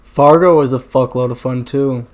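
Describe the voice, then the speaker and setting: A man's voice: mid-range voice, normal speed, noisy background. A man in casual chat who gives short, laconic answers.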